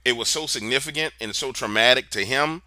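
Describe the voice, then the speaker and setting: A man's voice: medium pitch, brisk, sharp tone, no echo, studio quality. A man being interviewed, telling a story in a casual, slangy, emphatic way. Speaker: interview guest, paranormal researcher.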